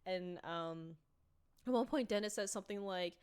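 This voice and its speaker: A woman's voice: on the low side, normal speed, clear, resonant tone. A woman co-hosting a podcast, chatting casually and retelling scenes with lots of "like" and acted-out quotes. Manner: animated storytelling, acting out quoted lines with filler "like". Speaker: podcast co-host. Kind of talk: casual chat recapping a sitcom.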